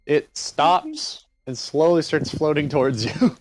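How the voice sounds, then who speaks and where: A man's voice: fairly high pitch, sing-song, measured pace, no echo. A man running a tabletop game as game master, narrating with a playful, laughing manner.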